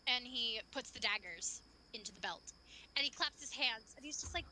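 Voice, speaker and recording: A woman's voice: on the high side, lively intonation, moderate pace, background noise. A woman narrating a tabletop game as game master, chatty and loose, full of fillers.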